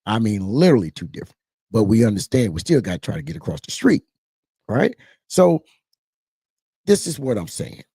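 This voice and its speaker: A man's voice: lowish voice, very animated, moderate pace, pauses often, mellow, slightly rough, dry recording, clean studio sound. A middle-aged man rambling casually as a livestream host, often repeating himself.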